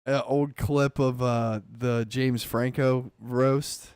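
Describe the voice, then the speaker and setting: A man hosting a podcast, telling a story in a casual chat with animated, swearing delivery. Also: mid-range voice, takes it slowly, clear, resonant tone, no echo, clean studio sound. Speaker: podcast host.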